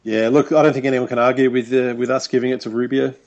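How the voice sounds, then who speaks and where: A man's voice: medium pitch, level tone, quick pace, darkish tone, lo-fi sound. An Australian man co-hosting a casual sports chat, easygoing and chuckling, with hesitant fillers. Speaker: podcast co-host. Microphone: call recording.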